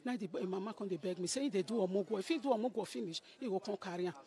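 A woman's voice: mid-range voice, racing, dark tone. A middle-aged woman with a Nigerian Pidgin English accent, giving an emotional spoken testimony and acting out what others said to her.

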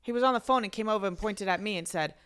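Fast-talking young woman telling stories. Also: medium pitch, clear, resonant tone. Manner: rapid, excitable storytelling. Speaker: podcast co-host. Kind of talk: casual storytelling chat.

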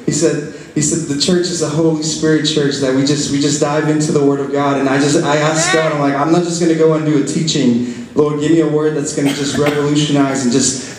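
A man's voice: on the high side, a little mellow, slight background noise. A man preaching a sermon as a guest speaker, fervent and repetitive, recorded in a large church hall. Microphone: filmed from far off. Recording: echoey hall from far off.

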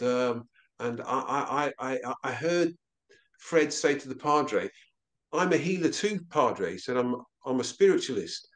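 A man telling a personal story as an interview guest, halting and often repeating himself. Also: medium pitch. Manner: halting, with frequent stammered repeats.

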